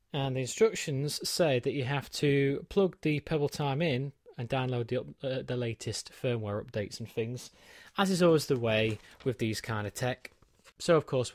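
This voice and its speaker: A man talks through a gadget set-up in a friendly, rambling way, filling gaps with ums and poking fun at himself. His voice sits at an ordinary pitch and sounds close and dry, with almost no room sound. He is recording in a small home studio. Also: no echo. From United Kingdom. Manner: chatty, self-deprecating, many ums. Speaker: tech reviewer. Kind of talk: unboxing and set-up walkthrough.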